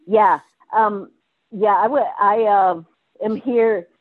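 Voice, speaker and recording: A woman's voice: mid-range voice, fairly even intonation, takes it slowly. Hesitant woman caller on a tinny phone line. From Iowa. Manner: hesitant, restarts her sentences. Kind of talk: call-in question.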